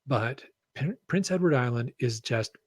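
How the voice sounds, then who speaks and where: A man's voice: mid-range voice, expressive, unhurried, breathy edge, no echo. Man rambling with many ums. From Canada. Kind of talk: casual podcast chat.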